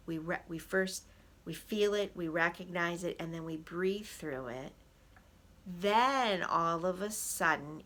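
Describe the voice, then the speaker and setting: A woman with a bright, forward voice gives a motivational talk as an emotional wellness coach. She speaks straight to her listeners, calling them "people", and slips into animated little performances of angry inner thoughts. Her delivery is lively and coaching rather than formal. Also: fairly low pitch. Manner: direct, addresses listeners as "people".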